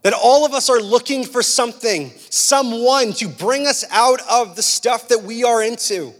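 High-voiced young preacher in a reverberant hall. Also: male voice, moderate pace. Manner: animated and casual, fillers like "right?" and "like". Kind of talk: sermon with personal story.

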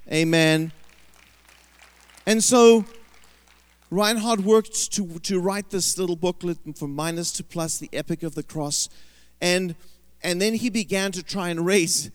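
A man's voice: high voice, measured pace, pauses often, clear, resonant tone, no echo. A British man preaching a sermon, telling a story and acting out the voices of the people in it. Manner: animated, acts out quoted voices.

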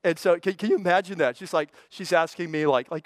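A man's voice: high voice, fast talker, no room sound. An older man, a pastor, preaching a sermon in a conversational way, with folksy asides and frequent stammered restarts.

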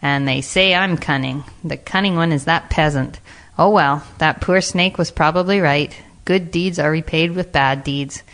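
Brief: a woman putting on a cunning storybook fox, high and sly. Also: animated, normal speed, lightly acted. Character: clever male fox, polite then sad.

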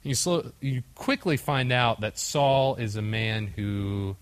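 A man's voice: on the low side, takes it slowly, smooth. A young man preaching a casual sermon, acting out the quoted voices of the story, with a few slips along the way. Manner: conversational, acts out quoted voices, occasional slips. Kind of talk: casual sermon with group discussion.

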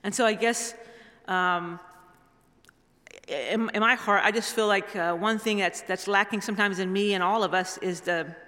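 Bright-voiced woman preaching in echoey hall. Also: mid-range voice, fairly even intonation, normal speed. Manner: rambling, warm storytelling with restarts. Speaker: guest speaker. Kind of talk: storytelling sermon. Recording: reverberant hall.

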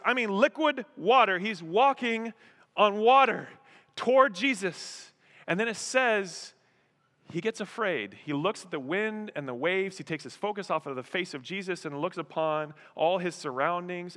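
A man preaching a sermon as pastor, animated, acting out voices and exclamations. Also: a little high. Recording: long hall reverb.

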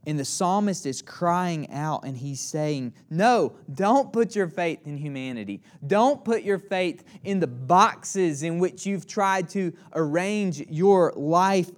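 A male pastor preaching a sermon with earnest, emphatic phrasing, slowing down on key lines and dropping to a hushed voice for asides. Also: on the high side.

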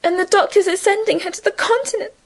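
A woman's voice: very high-pitched, fairly even intonation, quick pace, pitched above the performer's own voice. A woman reading the part of a timid, dramatic schoolgirl who gushes over small troubles, in a raised voice. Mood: gushing. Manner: dramatic, gushing. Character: timid, food-loving schoolgirl, young woman. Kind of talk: audiobook character reading.

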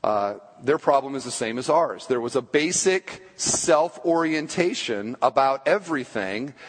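A male pastor preaching a sermon with emphatic delivery, slowing down on key phrases. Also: mid-range voice, animated, breathy edge. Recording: church hall reverb.

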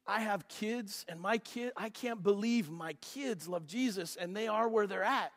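Man doing a big ex-gang dude talking soft and slow, humble, echoey church. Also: extremely high pitch, animated, vocal fry, breathy edge, full character voice. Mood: humbled.

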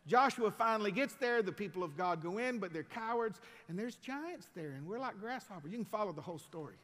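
A man preaches a sermon from the pulpit, his voice sitting high. He swings between loud, ringing emphasis and easy, folksy asides. The sound carries a long reverb from a large church hall. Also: animated, brisk. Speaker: pastor. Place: church sanctuary.

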